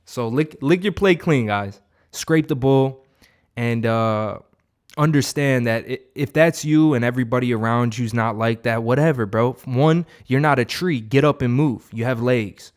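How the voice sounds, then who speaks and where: A man's voice: mid-range voice, a little slow. A young man giving an unscripted, profane motivational monologue as a vlogger, rambling with many fillers and restarts.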